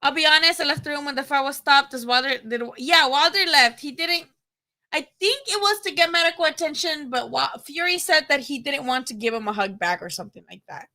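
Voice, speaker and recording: A young woman hosting a casual boxing livestream, rambling, animated and profane. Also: high-pitched, brisk. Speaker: boxing channel host.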